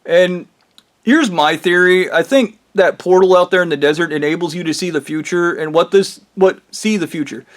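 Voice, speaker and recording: A man's voice: sits high, normal speed. A man giving an angry, profane monologue to his viewers. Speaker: vlogger.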